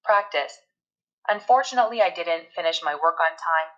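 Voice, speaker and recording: Low-voiced woman teacher going over grammar step by step, kinda dull lo-fi sound. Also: expressive, fairly bright tone. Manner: explains step by step, reads examples aloud slowly. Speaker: English teacher. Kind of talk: recorded grammar lesson.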